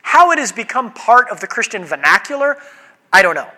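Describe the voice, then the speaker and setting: Man, pastor, conversational sermon, joking, questions to the congregation, bright tone. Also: very high-pitched, sing-song, a little fast, in a large hall.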